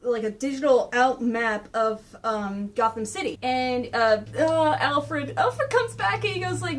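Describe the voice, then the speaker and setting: A young woman giving a casual comic recap as a gushing, excitable fan. Her voice is high. She sounds a little distant from the microphone. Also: unhurried, few pauses. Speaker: comic reviewer.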